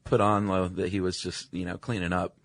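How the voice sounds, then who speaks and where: A man co-hosting a podcast in casual chat, laid-back and quick with agreeing asides. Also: deep voice, level tone, no room sound. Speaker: podcast co-host.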